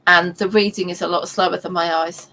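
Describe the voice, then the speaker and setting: A woman's voice: lowish voice, little pitch movement, a little fast, creaky, sharp tone, slight background noise, rough recording. A woman co-hosting a writing livestream, rambling and explaining step by step with many ums. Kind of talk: casual livestream chat.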